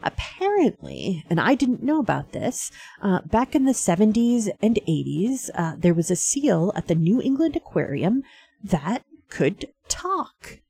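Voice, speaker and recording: A woman's voice: medium pitch, big pitch swings, unhurried, creaky, warm tone, husky. A woman hosting a radio show, talking casually with many fillers and small laughs. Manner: chatty, frequent fillers and laughs.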